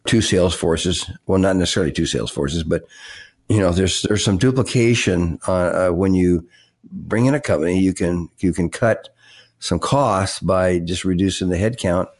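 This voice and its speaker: An older man, a tech executive and author, answering interview questions in a halting way with many fillers and restarts. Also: low voice, darkish tone, breathy edge.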